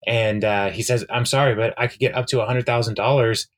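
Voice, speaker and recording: A man's voice: medium pitch, fairly even intonation, brisk. A man co-hosting a podcast, casually recapping a TV episode in a rambling way, with lots of fillers and frequent laughs. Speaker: podcast co-host.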